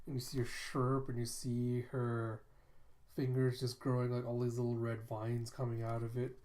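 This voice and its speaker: A man's voice: mid-range voice, completely flat delivery, moderate pace, a little mellow. A man casually reading a comic book aloud, laid-back, swearing and laughing at the story as he goes. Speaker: comic book reader and video host.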